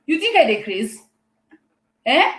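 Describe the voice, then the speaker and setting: A woman's voice: sits high, sing-song, slow pace, echoey room, voice pushed up, exaggerated voice. A woman putting on a Nigerian Pidgin accent, playing an angry Nigerian woman scolding someone. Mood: indignant. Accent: Nigerian Pidgin, put on. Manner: loud, indignant, rising.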